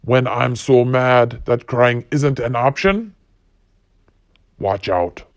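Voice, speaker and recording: A man's voice: medium pitch, takes it slowly, no echo. A man hosting a solo podcast, ranting bluntly and profanely while reading quotes. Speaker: podcast host.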